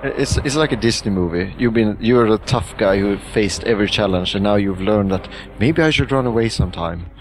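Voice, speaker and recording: A man's voice: fairly low pitch, moderate pace, hardly any pauses, slight background noise. A man co-commentating on a friend's gameplay with wry, teasing remarks. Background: game music.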